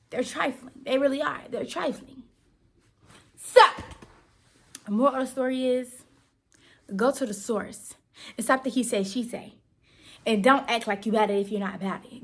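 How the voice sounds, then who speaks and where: A teenage girl from Georgia, USA, tells a story in a casual vlog with a high, fairly bright voice. She's chatty, playful and full of slang.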